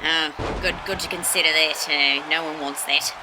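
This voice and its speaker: A co-commentator with a New Zealand accent, playful and halting, stumbling over words in comedic wrestling commentary. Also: medium pitch, steady tone, noisy background. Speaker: color commentator.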